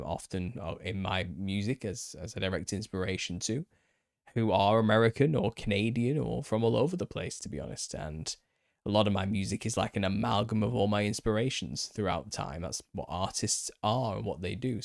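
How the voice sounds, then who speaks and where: A man's voice: fairly low pitch, gravelly, no room sound, clean studio sound. A man with a Northern English accent, hosting a casual live Q&A, rambling and chuckling as he answers viewer comments. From England. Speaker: channel host.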